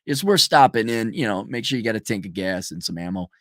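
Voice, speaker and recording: A man's voice: lowish voice, expressive, quick pace, no room sound, clean studio sound. A man giving a casual, blunt, profane rant in a sarcastic tone. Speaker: commentator. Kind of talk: casual ranting monologue.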